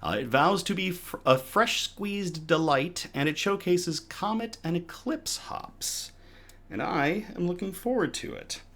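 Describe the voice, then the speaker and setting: A man's voice: high-pitched, animated, unhurried, a bit bright. A man hosting a casual live good-news show from home, chatty and upbeat, a little out of breath. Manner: chatty and upbeat, with chuckles and restarts.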